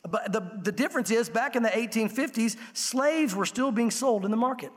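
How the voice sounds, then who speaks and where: A man preaching a sermon, telling an illustration story earnestly and slowing down for the emotional parts. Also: very high-pitched. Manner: earnest storytelling, slows and softens for emotional quotes. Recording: long reverb of a large room.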